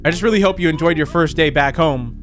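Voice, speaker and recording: Man reading creepy doting mother from a horror game, high voice, faint music under. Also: fast talker, fairly bright tone, lightly acted. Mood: tender, regretful. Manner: reads game dialogue aloud in plain voice. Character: eerie doting mannequin mother, female, middle-aged.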